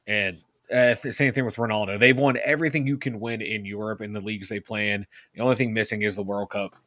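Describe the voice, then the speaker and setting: A man's voice: lowish voice, steady tone, fast talker, a bit bright, dry recording. A man from the Pittsburgh area co-hosting a sports podcast, chatting loosely with lots of fillers and swearing. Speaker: podcast co-host. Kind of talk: casual sports chat.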